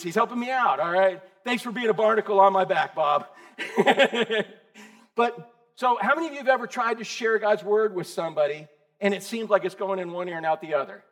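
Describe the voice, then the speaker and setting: High-voiced joking preacher man. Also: moderate pace, fairly bright tone. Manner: joking, quizzes and calls on listeners by name. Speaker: pastor. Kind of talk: casual conversational sermon. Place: church service with congregation.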